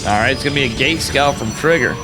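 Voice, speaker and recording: A man in the middle of the pitch range calls a competitive match live, chatty and profane, hyping players and joking with viewers. Faint music runs underneath his voice. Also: fast. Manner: casual, profane, hyped streamer banter. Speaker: esports caster. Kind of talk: live game commentary.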